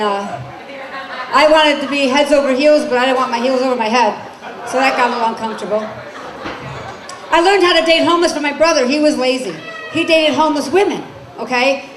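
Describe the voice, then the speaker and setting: A woman in her forties doing a stand-up comedy set on a club stage, brassy and chatty, questioning the crowd. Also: high voice. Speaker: stand-up comic. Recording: echoey club with crowd noise. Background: crowd laughter and room noise.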